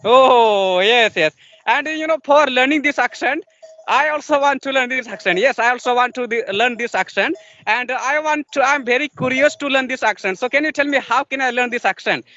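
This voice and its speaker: A man with an Indian English accent interviewing a guest over a video call, speaking haltingly and restating his questions, with frequent "yes, yes". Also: extremely high pitch, bright, forceful tone, dry recording. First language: Hindi. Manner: halting, repeats "yes, yes", rephrases questions mid-sentence. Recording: muffled video call audio.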